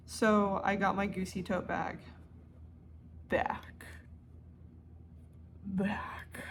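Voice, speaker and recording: A woman's voice: medium pitch, slight background noise. Rambling woman vlogger telling a story. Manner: rambling and animated, with frequent self-corrections. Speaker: crochet vlogger. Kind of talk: casual storytelling vlog.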